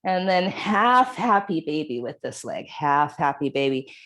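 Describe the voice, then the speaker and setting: A woman with a low, deep voice guides a yoga flow at an unhurried pace. Her cues are calm and measured, spaced out between movements. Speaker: yoga instructor. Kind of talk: guided exercise instruction.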